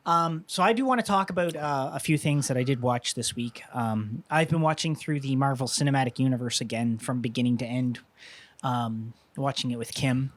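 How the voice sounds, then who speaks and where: A man's voice: mid-range voice, moderate pace. A man co-hosting a casual talk show, rambling through a long story and acting out quotes with a raised voice. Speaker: podcast co-host. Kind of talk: casual chat.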